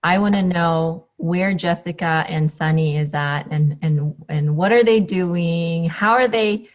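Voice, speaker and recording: A woman's voice: fairly low pitch, unhurried. A woman hosting a podcast interview, encouraging her guest with frequent short affirmations. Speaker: podcast host.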